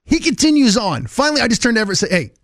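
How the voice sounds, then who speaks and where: A male radio host telling a long funny story in lively chat, acting out the people he met. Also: extremely high pitch, rapid-fire, no echo, clean studio sound.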